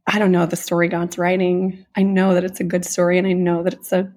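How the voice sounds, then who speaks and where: A woman's voice: fairly low pitch, completely flat delivery, fairly quick, a little mellow. A woman co-hosting a podcast, earnestly and emotionally retelling a film in casual conversation. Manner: earnest, emotional storyteller who gushes. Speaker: podcast co-host.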